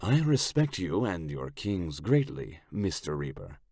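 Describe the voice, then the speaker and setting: A man voicing a menacing, slick Italian crime boss in an audiobook, with a put-on Italian accent and a slow, smug, suggestive delivery. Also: low-pitched, big pitch swings, darkish tone, dry recording, studio quality, exaggerated voice. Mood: cold. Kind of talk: audiobook character voice.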